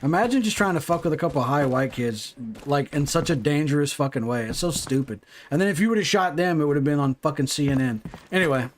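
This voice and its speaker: A man talking loosely while he plays on a livestream, his voice a touch high for a man. He swears freely and wanders from story to story, with a faint hiss of background noise. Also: animated, fast talker, hardly any pauses. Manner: profane, rambling storytelling. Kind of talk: casual gaming livestream chat.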